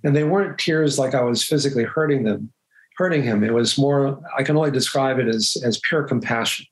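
A man speaks in an even, middle-pitched voice, sharing a personal story as a doctor. He sounds reflective and earnest, and his sentences often stall and restart while emotion shows through. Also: fairly quick, rough recording.

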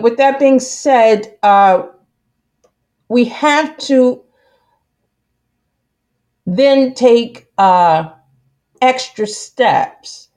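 A woman's voice: on the high side, a little mellow. A woman hosting a podcast in a casual monologue, emphatic and preachy, rambling with many fillers and restarts and often cutting in with "listen". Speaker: podcast host.

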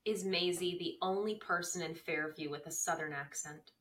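A woman's voice: fairly low pitch, normal speed, fairly bright tone. A woman co-hosting a podcast, chatting casually and giving her opinions while recapping a TV show. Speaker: podcast co-host.

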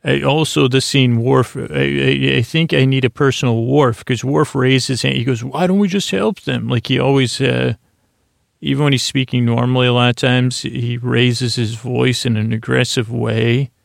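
A man's voice: medium pitch, little pitch movement, moderate pace, creaky, no room sound, clean studio sound. A man hosting a podcast, giving a sleepy recap of a TV episode in a rambling, meandering way with many fillers. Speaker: podcast host.

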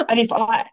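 A Scottish woman, a podcast guest, telling travel stories in lively conversation, acting out what people said and laughing along. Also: dry recording. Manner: animated, quotes people, laughs through her stories. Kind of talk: anecdotal storytelling chat.

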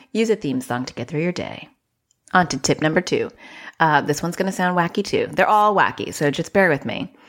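A woman child therapist hosting a podcast, giving casual advice in a chatty, self-deprecating way and acting out little quotes. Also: low voice.

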